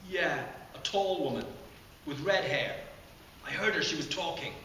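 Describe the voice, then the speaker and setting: A man's voice: on the high side, normal speed, sharp tone, recorded from a distance, slight background noise. A man reading aloud and voicing a nervous sixth-grade boy who answers hesitantly and stammers. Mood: sheepish. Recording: echoey community center room.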